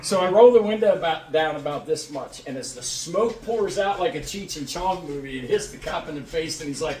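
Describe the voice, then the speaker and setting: A man casually telling a crude, lively story and acting out the people in it. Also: a little high, brisk, hardly any pauses. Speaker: podcast co-host. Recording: echoey room, mic at a distance.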